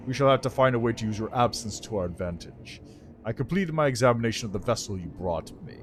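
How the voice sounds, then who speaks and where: Man voicing an ancient lich, dry, rasping, condescending, lecturing, very old, game music behind. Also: on the low side, voice pushed down. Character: ancient male lich, imperious scolding teacher.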